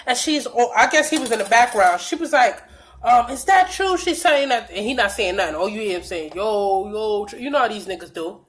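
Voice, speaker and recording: A young woman telling a blunt, profane storytime vlog with lots of animated retelling of dialogue, a little stuffy from allergies. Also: on the high side, a little fast. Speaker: vlogger.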